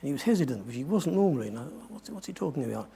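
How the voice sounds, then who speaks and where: A man's voice: medium pitch, very animated, very fast, vocal fry, mellow, husky. Older man telling a rambling story. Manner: rambling, self-correcting storyteller. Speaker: guest speaker. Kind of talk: anecdotal storytelling talk. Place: museum talk to an audience.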